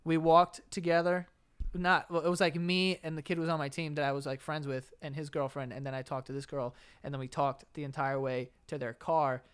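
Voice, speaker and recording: This young man talks with a bright, clear edge and a fairly high pitch. His New shows as he tells animated stories in a casual podcast chat. He acts out quotes and laughs often. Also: fairly quick. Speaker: podcast co-host.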